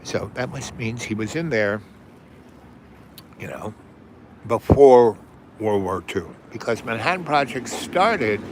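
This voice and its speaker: A man's voice: mid-range voice, noisy background. Rambling, profane old man. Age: 70s. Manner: digressive, profane, trails off often. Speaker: livestream host. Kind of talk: rambling storytelling.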